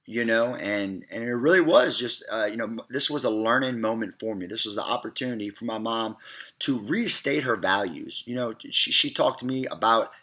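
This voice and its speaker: A man's voice: medium pitch, expressive, brisk, pushed and bright. A middle-aged man hosting a parenting segment, giving earnest casual advice to viewers and often checking in with "all right" and "look.". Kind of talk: casual advice talk to camera.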